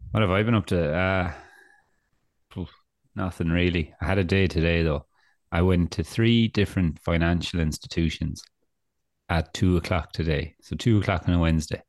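A young Irish man with a very deep voice co-hosts a casual podcast. He rants sarcastically. The sound is dry and close. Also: steady tone, moderate pace, a little mellow, dry recording. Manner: ranting, sarcastic. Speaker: podcast co-host. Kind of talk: casual chat.

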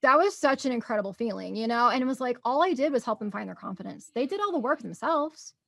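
A woman's voice: on the high side, expressive, quick pace, vocal fry, fairly bright tone, no echo. A young woman telling stories in a casual chat, bubbly and laughing often.

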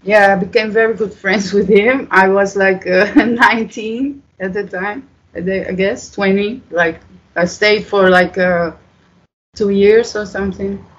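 A guest from the Netherlands, telling stories in a casual, halting way, full of fillers and swearing. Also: mid-range voice, fairly even intonation, fairly bright tone, dull audio. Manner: rambling, halting, many fillers, swears freely. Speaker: interview guest. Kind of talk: casual storytelling.

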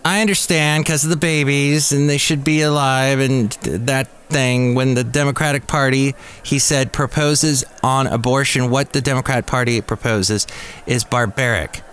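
A man's voice: mid-range voice, fairly even intonation, moderate pace, a bit bright. A man hosts a podcast in a loose, rambling monologue with a mid-range voice, recorded at a cafe with faint noise behind him. He drifts from point to point and drops wry, sarcastic asides along the way. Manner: jokey, digressive, sarcastic asides. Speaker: podcast host.

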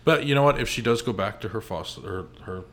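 A man's voice: fairly low pitch, expressive, fast talker, a bit bright, slight background noise. A man, chatting as a podcast guest in a joking, blunt way and swearing casually.

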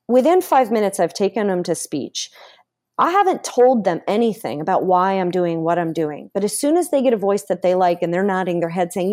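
A woman guest in an interview, talking about voice therapy in an animated way and acting out her therapy cues aloud. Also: lowish voice, moderate pace. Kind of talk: casual interview talk.

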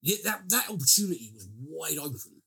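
A male film reviewer in loose podcast banter, his voice sharp and bright with a breathy edge. He talks animatedly and swears freely, jumping from one thought to the next. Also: fairly high pitch, brisk. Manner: animated, crude, self-interrupting. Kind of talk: casual podcast chat.

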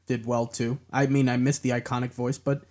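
A man's voice: mid-range voice, flat delivery, a little fast, darkish tone. A man co-hosting a casual gaming podcast, asking questions and pushing back on his partner. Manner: conversational, asks questions and pushes back. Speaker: podcast co-host.

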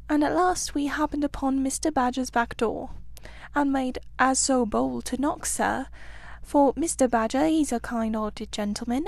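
A woman's voice: high voice, a little mellow, no room sound. A woman voicing a young male hedgehog who speaks humbly, in plain countrified talk, full of respect. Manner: polite rustic country speech, keeps saying sir.

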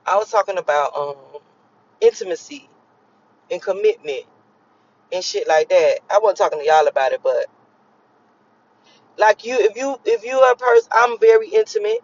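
A woman's voice: mid-range voice, sing-song, normal speed, vocal fry, pauses often. A woman speaks straight to her viewers in a loose, motivational vlog. She is blunt and profane, and she preaches as her thoughts wander from point to point. The recording sounds dull and lo-fi. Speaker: vlogger. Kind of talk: casual motivational talk to viewers.

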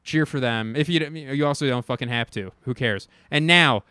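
A young man talks in a casual, profane, rambling podcast monologue. His voice is smooth and resonant. It sits close on a dry, roomless mic. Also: mid-range voice, normal speed, sharp tone, no room sound. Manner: rambling, profane, self-mocking. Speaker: podcast host.

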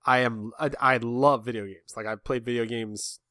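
Guy in his 30s rambling on a podcast, trips over his words a lot, mid-pitched, dry close sound. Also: fairly even intonation, normal speed, pushed and bright, no echo. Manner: rambling with many restarts and self-mocking asides. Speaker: podcast co-host. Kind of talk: casual chat.

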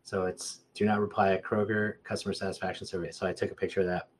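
A man with a somewhat low, husky voice that sounds hoarse from a lingering throat problem. He talks in a loose, rambling way, restarting sentences and growing louder when he gets animated. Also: fast talker. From Southern Nevada. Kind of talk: casual chat.

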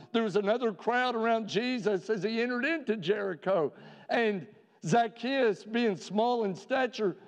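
Male pastor, fairly high voice, earnest sermon delivery, dull reverberant sanctuary sound. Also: darkish tone. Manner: earnest preaching with rhetorical questions, slowing for emphasis. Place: church sanctuary. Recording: dull reverberant church recording.

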